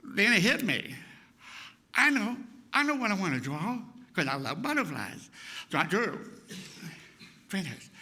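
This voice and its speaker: A man as guest speaker, telling a personal story to a congregation in an animated way, acting out what others said. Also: on the high side, husky. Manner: animated, acts out quotes, laughs often. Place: congregation hall.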